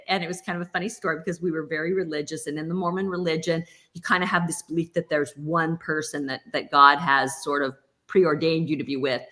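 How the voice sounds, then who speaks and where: A middle-aged woman chatting as a guest author, an animated storyteller who laughs often. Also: sits low. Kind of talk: casual chat.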